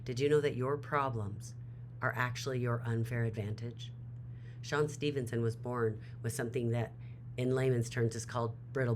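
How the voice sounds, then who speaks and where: Woman w a really low voice doing a motivational talk, dramatic, faint rumble behind. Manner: dramatic and emphatic, voice rising sharply at emotional peaks. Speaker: motivational speaker. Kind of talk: motivational storytelling.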